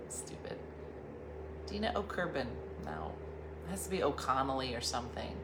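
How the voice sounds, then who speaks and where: A woman's voice: rumbling low, huge pitch swings, normal speed, long pauses, background noise. A woman host telling a rambling, jokey story in casual chat. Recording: roomy echo with faint ambience.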